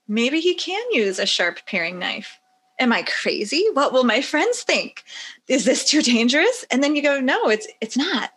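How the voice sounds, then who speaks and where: A middle-aged woman talks as a podcast guest in a casual, emphatic way. She sounds enthusiastic and speaks in a medium-pitched voice. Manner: enthusiastic, emphatic, animated when acting out stories. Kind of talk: casual interview chat.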